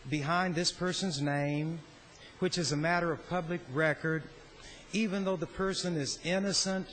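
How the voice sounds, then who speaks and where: Guy senator giving a slow sarcastic floor speech, kinda high voice, faint hiss. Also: a bit bright, poor audio. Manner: deliberate, sardonic orator. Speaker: state senator. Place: legislative chamber.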